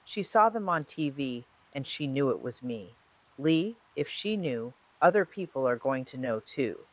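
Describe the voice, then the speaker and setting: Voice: mid-range voice, very animated, unhurried, rough recording. A narrator voicing a frightened, pressing young woman. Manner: anxious, pressing. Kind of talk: true-crime storytelling.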